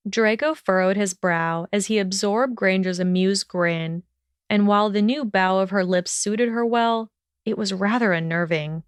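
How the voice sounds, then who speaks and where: A woman narrating a fan-fiction audiobook for her podcast with steady storytelling delivery. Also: on the low side, clear, resonant tone, dry recording, clean studio sound.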